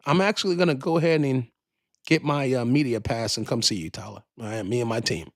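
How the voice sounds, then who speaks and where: A man's voice: medium pitch, fairly quick, dry recording. A man hosting a podcast, ranting casually in a profane, rambling way, often restarting his sentences, into a studio microphone. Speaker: podcast host. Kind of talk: casual rant.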